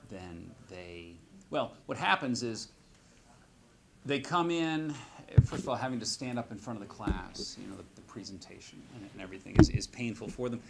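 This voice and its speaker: A college literature teacher shares his classroom experience at a conference, stumbling and repeating words as he goes. His voice has a gravelly edge at an ordinary pitch, and loud noise runs beneath the recording. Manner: halting, repeats words often. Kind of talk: conference discussion remark.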